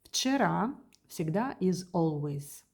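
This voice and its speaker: Slow, soft Russian-accented woman teacher. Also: fairly low pitch, animated, slightly rough. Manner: slow, repeats each word carefully. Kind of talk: slow beginner language lesson.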